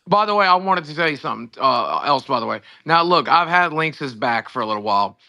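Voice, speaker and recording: Guy calling in, worn out, cursing, bright sharp voice. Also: fairly high pitch, expressive, brisk. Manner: tired, swearing, rambling. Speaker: caller dropping in. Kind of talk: casual livestream chat.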